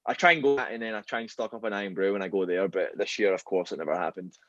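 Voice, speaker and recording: Chatty low-voiced Glaswegian man. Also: fast, fairly bright tone, no room sound, lo-fi sound. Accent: Glaswegian Scottish. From Scotland. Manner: rambling, many fillers and restarts. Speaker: podcast guest. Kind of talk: casual chat.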